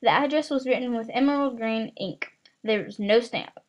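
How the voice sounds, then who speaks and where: A woman reads a novel aloud in a halting, amateur manner. She often trips over words and starts them again. Her voice sits a little high. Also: poor audio. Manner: halting, frequent stumbles and restarts. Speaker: reader.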